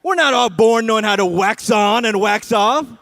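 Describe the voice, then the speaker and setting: A man's voice: high-pitched, normal speed, fairly bright tone. A man doing a stand-up comedy set at an awards show, with a sarcastic, punchy delivery and frequent "right?" asides.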